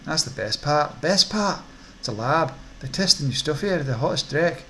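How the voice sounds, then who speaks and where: A man's voice: fairly high pitch, lively intonation, normal speed, bright, forceful tone, a little hiss or hum. A man voicing a twitchy male orc drug dealer with a Scottish accent and wheedling salesman patter. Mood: jittery.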